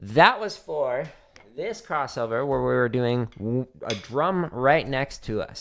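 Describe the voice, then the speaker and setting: A man's voice: medium pitch, noisy background. A man hosting a casual livestream Q&A from his home drum studio, explaining rudiments between practice runs and laughing easily. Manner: relaxed, laughs often, hums drum patterns. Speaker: drumming teacher streaming practice.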